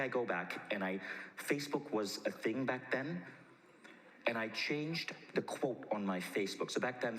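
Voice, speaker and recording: A man telling a story on stage in a lively motivational talk, sometimes rushing and sometimes drawing words out. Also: on the low side. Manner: animated, shifts between rushed and drawn-out. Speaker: speaker at a personal-growth event. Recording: echoey hall.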